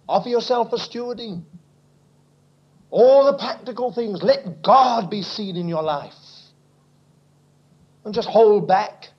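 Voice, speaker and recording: Animated high-voiced male preacher. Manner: animated preaching, dropping to near-whispers and rising to exclamations. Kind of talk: sermon. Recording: muffled lo-fi recording.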